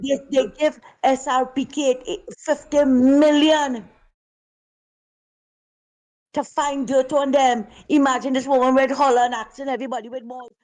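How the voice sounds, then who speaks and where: A woman's voice: sits high, little pitch movement, unhurried, darkish tone. Indignant woman caller. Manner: indignant, emphatic. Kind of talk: call-in political commentary.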